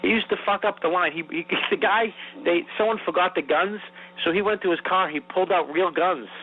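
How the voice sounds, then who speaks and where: Husky man telling a rambling story. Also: high-pitched, fairly quick. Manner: rambling, profane, frequent restarts. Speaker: podcast co-host. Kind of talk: casual comedic storytelling. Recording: tinny phone-like audio.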